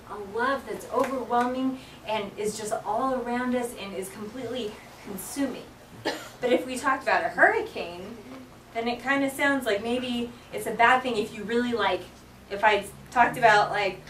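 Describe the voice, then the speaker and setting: A woman's voice: a little high, moderate pace, fairly bright tone, slight background noise. A young woman teaching a sign language class in casual chat, full of "like" and "um", acting out song lyrics as she explains. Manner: chatty, lots of "like" and "um", acts out lyrics. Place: classroom with students. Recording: echoey room, voice from far off.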